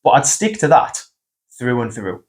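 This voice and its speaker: A man, hosting a casual podcast chat, blunt and quick to swear. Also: mid-range voice, very animated. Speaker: podcast host. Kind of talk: casual conversation.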